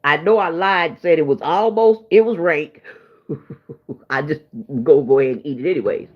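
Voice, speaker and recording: A woman's voice: sits low, normal speed. A woman hosting her own livestream, chatting to viewers in a rambling, emotional way after a sleepless night. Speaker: livestream host. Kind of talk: casual livestream chat. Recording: dull lo-fi stream audio.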